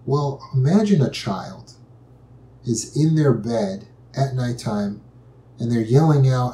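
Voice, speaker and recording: A man with a relaxed, dark-toned voice teaches a step-by-step approach to anxiety. He is patient and calm, and he repeats his key points. The room adds a noticeable echo. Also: mid-range voice, a little slow. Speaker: anxiety and trauma recovery teacher. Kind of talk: instructional talk. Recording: echoey room.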